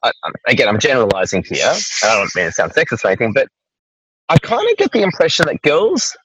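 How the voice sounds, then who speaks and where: A man's voice: mid-range voice, wildly swooping pitch, fast talker, a bit bright, slight background noise, rough recording. An Australian man chatting as an interview guest, rambling and often tagging his points with "right?". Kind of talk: casual interview chat.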